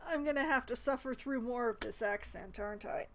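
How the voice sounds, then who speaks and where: A woman's voice: a little high, fairly quick, a bit bright. A woman streaming her playthrough of a game, reading dialogue options aloud with wry, exasperated asides. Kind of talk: casual gameplay commentary.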